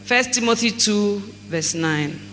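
Man, preacher, very high voice, bright tone, echoey hall, faint hum. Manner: slow scripture reading, lively storytelling with acted dialogue. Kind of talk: sermon.

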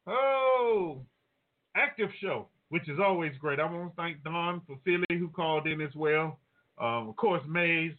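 A male call-in show host wrapping up his episode in a relaxed, chatty way, laughing easily as he thanks his listeners. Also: on the high side. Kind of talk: casual show sign-off. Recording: tinny phone-line audio.

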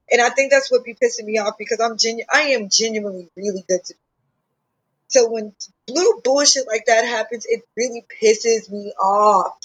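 A woman chatting on a podcast, speaking openly and warmly about her young son. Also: fairly high pitch, breathy edge, poor audio. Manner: heartfelt and open, talking at length about her son. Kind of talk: casual chat.

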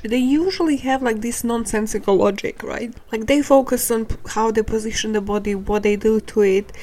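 A woman's voice: on the high side, darkish tone, poor audio. A woman hosting a true crime podcast, telling the case in a casual, chatty and irreverent way, swearing and filling her talk with "like".

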